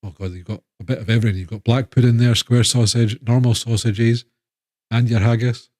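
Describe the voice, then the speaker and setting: A Scottish man chats away on a live stream, rambling and cutting himself off mid-sentence. His voice sits at a middle pitch, and the sound is dry and close with no room around it. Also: fairly even intonation, fairly quick, darkish tone, dry recording. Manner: chatty, rambling, self-interrupting. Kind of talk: casual live-stream chat.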